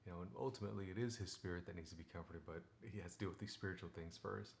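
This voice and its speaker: A man with a very low voice talks through a scripture passage in a relaxed, chatty devotional style. He reads the verses slowly and fills his explanations with easy filler phrases. A faint hum of background noise sits under the recording. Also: gravelly. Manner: conversational, many "you know"s, reads verses slowly. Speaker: Bible teacher. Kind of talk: casual devotional talk.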